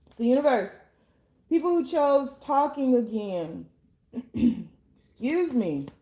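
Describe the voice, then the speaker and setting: A young woman with a hoarse, fading voice, chatting casually and bluntly as she reads tarot cards, swearing now and then. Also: fairly high pitch, mellow, a little hiss or hum. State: hoarse, losing her voice. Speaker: tarot reader and life coach.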